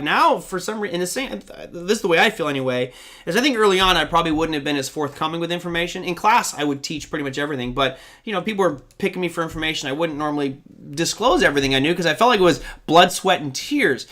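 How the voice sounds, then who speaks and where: A man's voice: fairly high pitch, expressive, quick pace, sharp tone. A man hosting a live online trading show, talking energetically and rambling with fillers into a desk microphone. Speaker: host.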